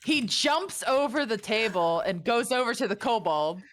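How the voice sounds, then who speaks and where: A woman's voice: on the high side, expressive, moderate pace, slight background noise. A woman narrating as game master, casual and swearing a lot. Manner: casual, swearing, voices the figures. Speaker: dungeon master.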